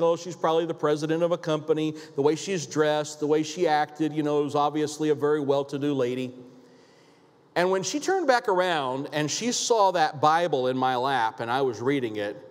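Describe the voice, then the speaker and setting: A man preaches from the pulpit, telling a story from his own life and repeating words as he restarts. His voice sits a little high for a man. A long reverb from a large church hall trails behind every phrase. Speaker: pastor. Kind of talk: sermon with personal story. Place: church sanctuary.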